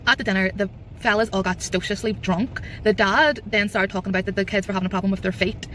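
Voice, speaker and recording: A young woman, chatting casually in a reading vlog, rambling through a plot recap with lots of quick quoted dialogue. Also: medium pitch, steady tone, a bit bright, slight background noise. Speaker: book vlogger. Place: partly in a car.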